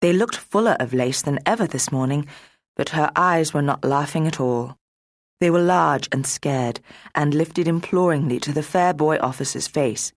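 A woman narrating a classic storybook in a measured, expressive reading. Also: low-pitched, no echo, clean studio sound.

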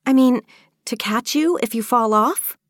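A woman reading aloud and voicing an anxious, excitable young teenage girl in a breathless, high-strung way. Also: a little slow, no echo, studio quality, close to an everyday voice. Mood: nervous.

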